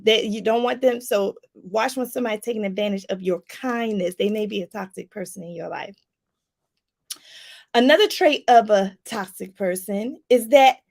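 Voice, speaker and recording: Animated woman life coach, gravelly voice. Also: medium pitch. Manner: animated, laughing, talks straight to the viewer with "y'all". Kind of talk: casual advice talk to viewers.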